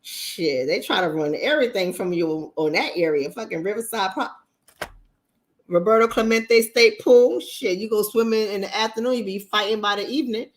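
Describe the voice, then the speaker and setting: A woman with a Bronx accent, casually chatting with viewers on a livestream in a blunt, profane manner. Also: moderate pace. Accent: New York, Bronx. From New York, the Bronx. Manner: blunt, profane, animated, mimics others in high voices. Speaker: relationship coach and livestream host.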